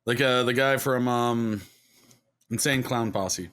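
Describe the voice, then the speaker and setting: A man's voice: medium pitch, slow, fairly bright tone, smooth. A man from Canada, co-hosting a podcast and chiming in casually with a friend. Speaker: podcast co-host. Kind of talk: casual chat.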